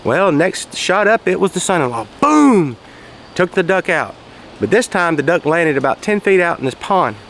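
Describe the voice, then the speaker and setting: Man, folksy casual storyteller, gravelly, outdoors with faint street noise. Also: sits high, big pitch swings, normal speed. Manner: folksy, raises his voice for quoted shouts. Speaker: vlogger telling a story. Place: outdoors, quiet spot near traffic.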